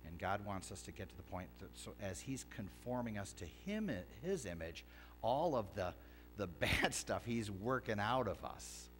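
A man preaching to his congregation, easygoing one moment and forceful the next as he reads the verses aloud. His pitch is very animated, and soft music plays faintly behind him. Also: moderate pace. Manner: conversational preaching with emphatic scripture reading. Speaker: pastor. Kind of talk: sermon. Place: church sanctuary.

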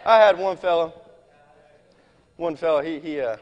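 A man with a high voice preaches in an animated, folksy way, breaking off into scripture readings. His voice rings with a long reverb in a large hall. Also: moderate pace, lo-fi sound. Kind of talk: sermon. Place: church meeting hall.

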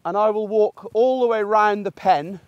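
A man's voice: high-pitched, moderate pace, no echo, muffled recording. A middle-aged man, a gundog trainer, explaining puppy training outdoors in a chatty way, using everyday examples. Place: outdoors in a field by a fence.

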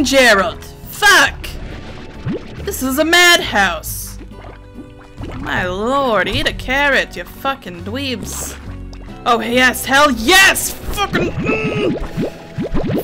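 A woman playing a video game and commentating, excitable and swearing heavily as she scolds the creatures. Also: high-pitched. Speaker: let's play gamer. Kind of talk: let's play commentary. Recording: game music playing underneath.

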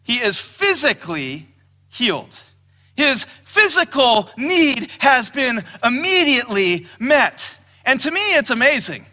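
High, bright-voiced man preaching in a hall. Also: big pitch swings, slow pace. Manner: emphatic preaching, quotes scripture in raised voice. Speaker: pastor. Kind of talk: sermon. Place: church hall. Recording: long hall reverb.

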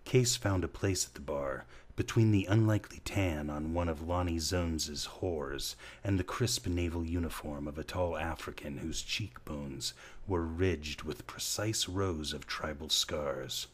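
Male audiobook narrator, very low and husky, measured slow read. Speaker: audiobook reader.

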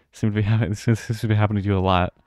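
On a home desk mic with no room sound, a somewhat low-voiced man streams a horror game and chats nonstop, reacting out loud to each twist. He talks fast, his tone staying level.

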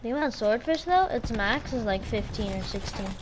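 A woman's voice: on the high side, animated, normal speed, noisy background. A young woman casually chatting with a friend while streaming a shooter game, exclaiming and laughing at plays. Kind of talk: casual gameplay chat.

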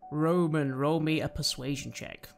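A man narrating a tabletop horror game as game master, slow and dramatic. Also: on the high side, fairly even intonation, creaky, faint music behind.

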